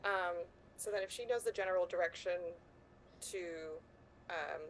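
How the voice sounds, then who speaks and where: A woman's voice: mid-range voice, normal speed, vocal fry, slight background noise, poor audio. A woman playing a tabletop game, speaking hesitantly and apologetically with stammered restarts. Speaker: player.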